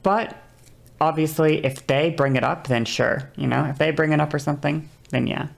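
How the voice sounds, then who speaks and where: Low gravelly woman streamer. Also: moderate pace. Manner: rambling, laughing, self-correcting. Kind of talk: casual livestream chat.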